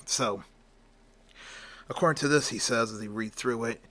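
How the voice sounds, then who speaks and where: A man's voice: mid-range voice, moderate pace, pauses often, a bit bright. A man telling an improvised fan story, rambling with lots of fillers and restarts.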